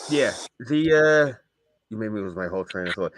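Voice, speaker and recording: A man's voice: fairly low pitch, lively intonation, normal speed, fairly bright tone, slight background noise. A man co-hosting a casual stream, telling rambling anecdotes. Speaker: stream co-host. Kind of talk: casual stream chat, storytelling. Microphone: desk mic on a stream.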